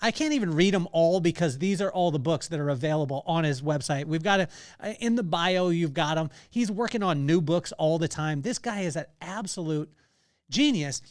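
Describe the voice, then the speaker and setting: A man's voice: fairly high pitch, lively intonation, normal speed, no echo, studio quality. A man from California hosting a podcast, talking in an enthusiastic, effusive way. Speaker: podcast host. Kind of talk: podcast interview.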